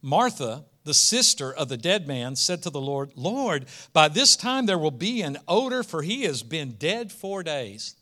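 A male preacher with a drawl, delivering a sermon in a bright, forceful voice pitched a little above the usual. He moves between reading scripture and chatty asides, and swells into emphatic passages. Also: sing-song, unhurried, few pauses. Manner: reads scripture aloud, then breaks into casual asides, rising to emphatic peaks.

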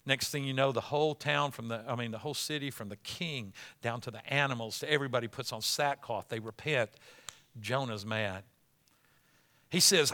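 Bright-voiced man preaching a sermon. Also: medium pitch, moderate pace. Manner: conversational storytelling, then rising to emphatic preaching. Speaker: pastor.

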